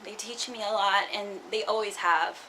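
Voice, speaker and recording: A woman's voice: mid-range voice, steady tone, moderate pace, pushed and bright, a little hiss or hum, low-quality recording. A young woman vlogging casually, rambling with many fillers and restarts. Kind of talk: casual personal vlog.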